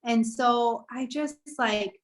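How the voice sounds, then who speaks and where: A woman's voice: fairly high pitch, slow pace. A young woman telling her personal story in a casual podcast conversation, earnest and rambling, with many "like" fillers. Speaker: guest sharing her story.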